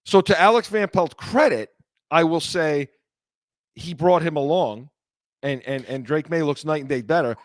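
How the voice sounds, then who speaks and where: A man's voice: fairly high pitch, moderate pace, no echo, studio quality. A man co-hosting a casual sports talk show, blunt and stammering, repeating words when heated. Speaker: co-host.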